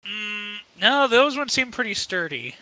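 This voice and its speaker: A man's voice: high voice, very animated, bright, forceful tone, dry recording, low-quality recording. A man playing a tabletop game with friends, chatting casually in a playful, joking way. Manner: playful, joking, quick to laugh.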